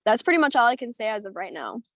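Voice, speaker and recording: Young female singer, high-ish voice, bubbly and rambling, dry close video-call sound. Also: fast, dry recording. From United States. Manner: bubbly, animated, rambling with many fillers and laughs. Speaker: singer being interviewed. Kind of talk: casual storytelling over a video call.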